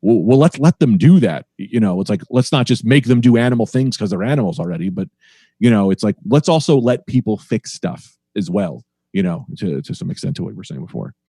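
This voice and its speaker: Male comedian guest, low warm voice, dry sound; rambling, profane storyteller. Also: animated, fast, vocal fry, slightly rough, no room sound. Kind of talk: casual podcast storytelling.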